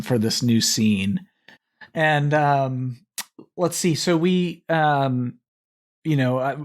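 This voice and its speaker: Slow-talking, easygoing man. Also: medium pitch. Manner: laughs often, easygoing, many hesitations. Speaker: tabletop role-play player. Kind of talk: casual improvised storytelling.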